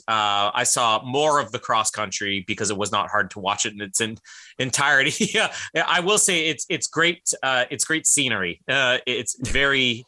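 Bright, animated man chatting. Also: medium pitch. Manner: animated, laughs between phrases. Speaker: co-host. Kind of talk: casual online chat. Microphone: video call.

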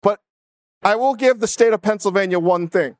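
A man's voice: high voice, moderate pace, dry recording. A man hosting a casual chat, upbeat and teasing, laughing often. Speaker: host.

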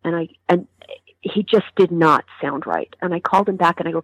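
A woman, a grieving mother, telling her story in an interview in a halting way with many restarts. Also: on the low side, breathy edge, dry recording, muffled recording. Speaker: mother of a murder victim, interview guest. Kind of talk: emotional interview testimony.

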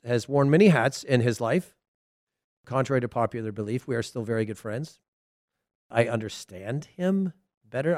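A man's voice: mid-range voice, darkish tone, no echo, clean studio sound. A middle-aged man hosting his own podcast, telling family stories and previewing matches in a loose, rambling way with frequent restarts. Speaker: podcast host. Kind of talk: casual solo podcast talk.

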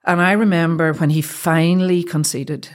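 A woman's voice: fairly low pitch, steady tone, moderate pace. Earnest Northern Irish woman telling her story. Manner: earnest, heartfelt, with frequent restarts. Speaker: guest. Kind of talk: personal storytelling.

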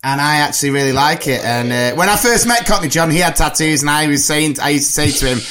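A man's voice: on the high side, fast, over music. A man co-hosting a podcast in casual chat, chatty and laughing often as he rambles through the sign-off. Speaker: podcast co-host.

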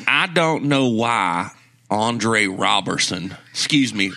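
A man's voice: medium pitch, expressive, takes it slowly, sharp tone, a little hiss or hum, heavily acted. A man putting on a Southern accent to play a brash, boastful sports-radio hot-taker in a comedic podcast bit. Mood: bragging. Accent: put-on Southern US. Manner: brash, folksy bragging.

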